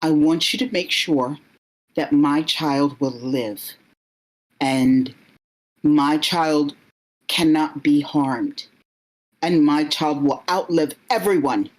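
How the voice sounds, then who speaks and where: A woman voicing a loving, protective mother who speaks softly and reassuringly at a slow pace. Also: low-pitched, low-quality recording. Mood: tender. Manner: soft, reassuring, pleading.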